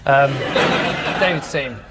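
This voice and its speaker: Deadpan TV quiz host man. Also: mid-range voice, extremely slow. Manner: dry, deadpan delivery of jokes. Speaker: panel show host. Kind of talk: scripted quiz hosting. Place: TV studio with live audience. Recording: studio audience laughter and noise.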